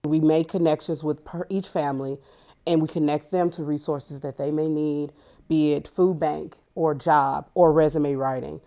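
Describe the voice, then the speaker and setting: A woman from Tennessee who works as a school family and community liaison, answering interview questions with careful, clearly enunciated speech. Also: deep voice, fairly even intonation, normal speed, mellow.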